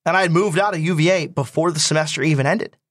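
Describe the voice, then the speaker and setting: A young man telling a personal story in casual talk, animated and quick to quote others. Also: fairly high pitch, dry recording, studio quality.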